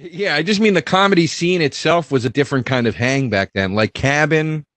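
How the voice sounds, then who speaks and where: A man's voice: a little high, a little fast, fairly bright tone, no echo. A man on a comedy talk show, animatedly reminiscing with laughs. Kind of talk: casual comedy podcast chat.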